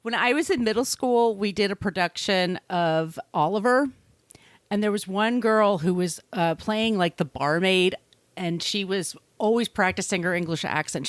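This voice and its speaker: A woman hosting a true-crime podcast, chatty and loose, with plenty of swearing. Her voice sits at a mid pitch and is recorded close and dry. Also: moderate pace, no room sound. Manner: chatty, swears freely, laughs often. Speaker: podcast host. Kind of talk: casual true-crime storytelling.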